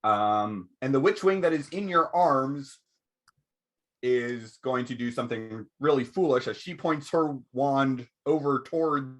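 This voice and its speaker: A man narrating as game master of a tabletop game in a measured way, often pausing with fillers. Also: mid-range voice, lively intonation.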